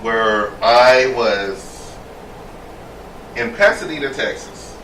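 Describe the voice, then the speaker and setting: Animated gay man, bright and roomy. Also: medium pitch, drawn-out words. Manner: animated, emphatic storyteller. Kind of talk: casual chat. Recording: roomy sound from a distance with faint noise.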